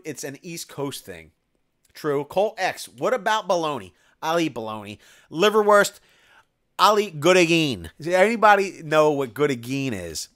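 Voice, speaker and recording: A man's voice: on the high side, big pitch swings, normal speed, a bit bright. A man hosting a casual live stream, reading viewer comments aloud and rambling about food and tools. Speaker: live stream host answering viewer chat.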